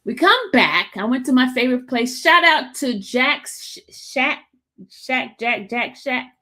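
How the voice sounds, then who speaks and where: A woman hosting a casual live stream, telling her viewers a story in a chatty, animated way. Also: high voice, measured pace. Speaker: show host recapping a trial.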